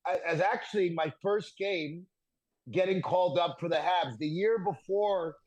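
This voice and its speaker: Animated man telling a locker-room story. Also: high voice, a little slow, low-quality recording. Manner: animated, laughs through punchlines. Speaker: podcast guest, former hockey defenseman. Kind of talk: casual storytelling.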